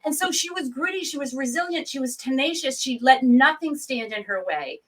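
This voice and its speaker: A woman author, a guest from New England, telling stories in a lively, chatty way. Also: sits high, far from the mic, low-quality recording. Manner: lively storyteller, quick asides. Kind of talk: casual interview chat.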